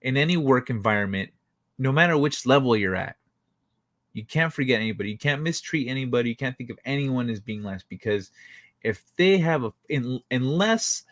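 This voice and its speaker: A man's voice: mid-range voice, expressive, a little fast, fairly bright tone, no room sound, clean studio sound. Blunt, profane man hosting a late-night stream. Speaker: livestream host.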